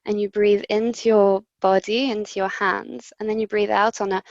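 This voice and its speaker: A woman's voice: mid-range voice, level tone, moderate pace, no echo, dull audio. Woman coaching voice exercises on a call. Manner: friendly instructive, many ums. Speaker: voice coach presenter. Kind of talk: guided voice exercises over video call. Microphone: computer mic on video call.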